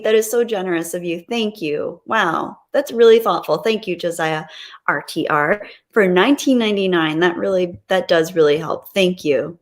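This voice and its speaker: A woman's voice: lowish voice, normal speed. Bubbly woman thanking viewers. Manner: bubbly, gushing thanks, giggly. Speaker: live streamer reading super chats. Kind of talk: casual live-stream chat.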